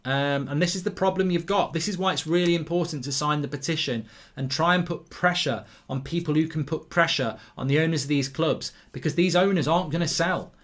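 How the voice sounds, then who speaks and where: A man's voice: a little high, brisk, a bit bright. A man hosting a live football watchalong, rambling casually as he reads viewer comments aloud. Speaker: host. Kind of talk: live match watchalong chat.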